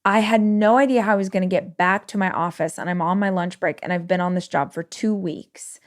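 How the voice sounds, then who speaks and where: A woman's voice: fairly low pitch, fairly quick. A woman podcast host telling a personal story with feeling, acting out the dialogue. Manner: emotional, animated retelling with quoted dialogue.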